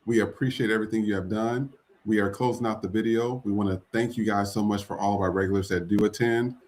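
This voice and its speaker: A man's voice: on the low side, fast talker. A man hosting a podcast who talks casually and introduces clips in an easygoing way. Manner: animated, laughing easily. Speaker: podcast host. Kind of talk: casual chat.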